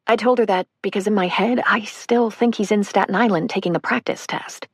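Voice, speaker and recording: A woman's voice: mid-range voice, fairly quick, slightly rough, no echo, studio quality. A woman narrating a survivor's first-person account for an audiobook, earnest and emotional.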